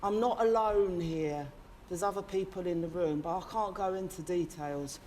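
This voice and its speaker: A woman's warm, natural voice of fairly low pitch moves at a moderate pace in this comic monologue to camera. As a brash, profane working-class London man with a London accent, she rambles through an impassioned rant. Slight background noise is audible.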